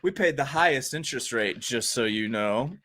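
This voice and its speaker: A man's voice: medium pitch, lively intonation, moderate pace, pushed and bright. A man co-hosting a casual podcast, teasing with playful, sarcastic banter. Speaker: podcast co-host. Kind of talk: casual chat.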